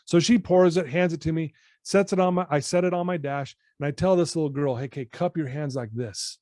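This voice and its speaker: A man's voice: on the high side, fairly quick, no echo. Earnest man telling his story, dry sound. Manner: earnest, animated storyteller addressing the host. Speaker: guest, personal-development coach. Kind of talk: podcast storytelling.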